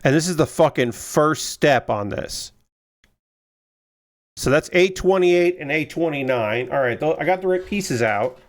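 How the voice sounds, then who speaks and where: A young man talks casually to a stream audience, rambling and exasperated. He swears freely and keeps firing off questions, his voice sitting a little higher than most men's. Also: animated, a little slow. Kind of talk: casual chat while building a model kit.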